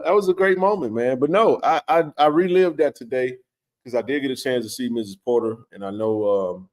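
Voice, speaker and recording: A man with a mid-range voice talks to his live audience in a relaxed, rambling way. He restarts sentences often and keeps coming back with "you know what I mean". His delivery is lively and informal, like a host chatting with regulars. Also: medium pitch, a little fast. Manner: animated, conversational, many fillers and restarts. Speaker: livestream host. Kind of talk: casual storytelling to a live chat.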